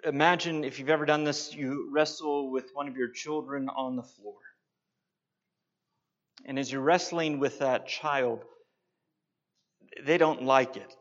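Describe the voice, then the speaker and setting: A man preaching a sermon, slow and emphatic, pausing to stress his points. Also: mid-range voice, fairly even intonation, fairly bright tone. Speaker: pastor. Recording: dull lo-fi sound.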